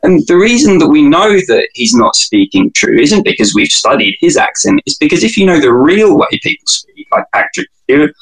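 A British man talks as a podcast guest in an easygoing conversational way. His voice carries a slightly husky, breathy grain at a mid pitch. He drifts into wry, digressive analogies as he makes his points. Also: fairly bright tone, low-quality recording. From United Kingdom. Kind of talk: casual conversational interview.

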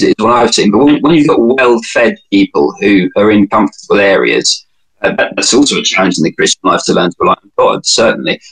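Husky-voiced British man, wry and chatty. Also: fairly low pitch, a bit bright, low-quality recording. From United Kingdom. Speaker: podcast guest. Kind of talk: casual conversational interview.

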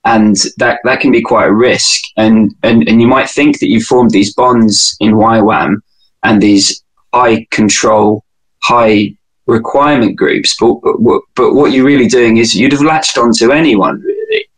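A British man talks as a podcast guest in an easygoing conversational way. His voice carries a slightly husky, breathy grain at a mid pitch. He drifts into wry, digressive analogies as he makes his points. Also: fairly even intonation, a little slow, low-quality recording. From United Kingdom. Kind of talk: casual conversational interview.

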